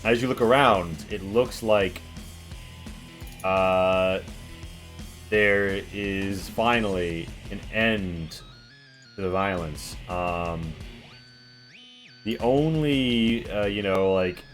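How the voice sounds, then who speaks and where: A man with a very low voice runs a tabletop game as game master. He narrates loosely, with plenty of fillers and restarts, and faint music plays behind him. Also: extremely slow, pauses often, fairly bright tone.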